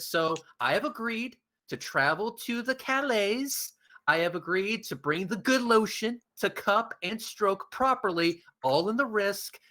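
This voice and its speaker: A man's voice: high-pitched, expressive, measured pace, bright, forceful tone. A man in casual online chat, telling a crude joking story and acting out the quotes.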